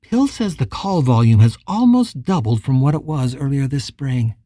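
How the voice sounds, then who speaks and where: A gentle, concerned woman friend speaking softly on the phone, as the narrator puts her on. The voice stays mellow and husky, in a dry, close sound. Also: a bass voice, animated, moderate pace, dry recording. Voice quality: soft.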